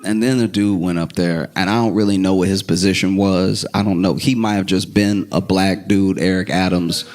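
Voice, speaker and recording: A man doing stand-up, telling a story calmly and dryly and building to punchlines. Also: low-pitched, normal speed. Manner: calm, dry, building to punchlines. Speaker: stand-up comedian. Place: comedy stage. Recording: live stand-up recording with noise.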